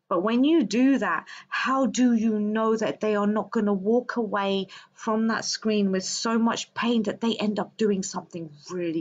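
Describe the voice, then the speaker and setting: Passionate woman hosting a livestream. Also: medium pitch. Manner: passionate, emphatic, talks to viewers directly. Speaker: wellbeing livestream host. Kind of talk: casual livestream monologue. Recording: slightly dull lo-fi audio.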